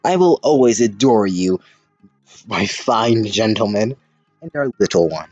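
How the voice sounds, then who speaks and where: A man's voice: on the low side, animated, measured pace, no room sound, dull audio, faint music behind. A man voicing a doting, prim woman builder in a put-on British accent, gushing and formal as he reads a fan comic aloud. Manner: formal, gushing, repeats "my fine gentleman".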